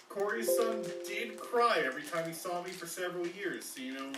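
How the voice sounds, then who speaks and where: A man's voice: high voice, expressive, a little fast, loud music behind the voice. A man playing at a tabletop game night, mischievous and bargaining in casual banter. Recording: roomy, from far off, noisy.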